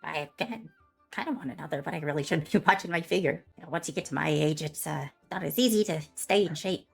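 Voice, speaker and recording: A woman's voice: deep voice, a little fast, gravelly, soft background music. A woman voicing an entitled, gossiping middle-aged Midwestern woman in a tabletop role-play, with a Midwestern accent and a chirpy, prim, chattering manner. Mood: coyly tempted. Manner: rambling gossip with folksy exclamations.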